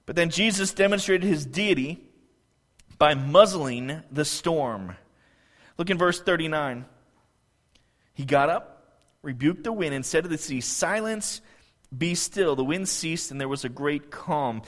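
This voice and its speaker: A man preaching a sermon, animated, swinging between soft, quiet stretches and loud outbursts. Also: on the high side, measured pace, pauses often. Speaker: pastor. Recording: long church-hall reverb.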